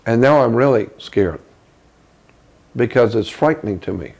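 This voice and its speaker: A man with a gravelly, mellow voice tells a story from his own life as an interview guest. He talks in a halting way, repeating words while he reaches for the right ones, and his pitch sits in an ordinary middle range. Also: expressive. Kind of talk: recounting a personal story.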